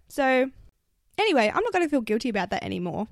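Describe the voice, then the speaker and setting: A young woman with an Australian accent telling stories on her solo podcast, swearing freely and getting animated as she vents. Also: high-pitched, quick pace, no room sound, studio quality. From South Australia. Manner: swears often, animated when venting. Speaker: podcast host. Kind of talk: casual solo podcast storytelling.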